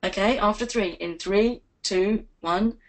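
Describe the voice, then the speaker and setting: A confidence coach teaches a live online class, energetic and playful, acting out quotes with big jumps in pitch. She speaks at a measured pace, and the recording is rough.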